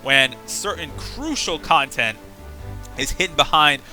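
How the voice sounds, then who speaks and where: A man's voice: a little high, animated, a little slow, bright, forceful tone, soft background music. A young man streaming a game, casually talking through his play with chatty, muttered asides. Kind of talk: casual live gameplay commentary.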